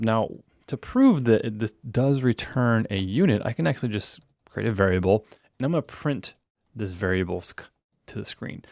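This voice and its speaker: A man's voice: on the low side, creaky, no room sound, studio quality. A man teaching programming in a screen-recorded coding tutorial, explaining step by step and thinking aloud as he types. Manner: relaxed explaining, thinking aloud while typing code. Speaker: programming instructor.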